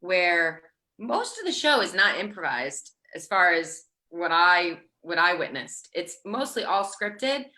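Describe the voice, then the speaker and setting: A woman in her thirties, a guest actor, talks casually in an interview, rambling and restarting with many fillers. Her fairly low, sharp voice is very animated and unhurried, yet she barely pauses.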